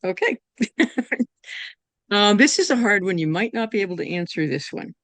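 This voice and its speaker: Gravelly-voiced woman interviewer. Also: mid-range voice, big pitch swings, normal speed, a bit bright, dry recording. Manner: friendly, reads prepared questions. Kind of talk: scripted interview questions.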